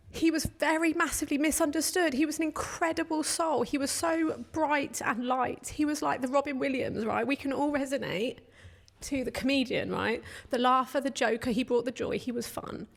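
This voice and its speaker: Woman, high voice, tearful, crying through her words, heartfelt, open, live Q&A at a retreat. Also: creaky. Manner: heartfelt, open, quick bursts of emotion. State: tearful, crying while talking. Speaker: retreat co-host. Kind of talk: emotional live Q&A answer. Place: retreat room with an audience.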